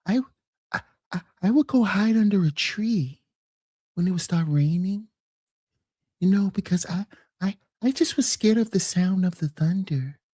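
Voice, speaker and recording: A woman doing an impression of a soft-spoken male pop star, hushed and stammering. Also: mid-range voice, slightly rough, no room sound.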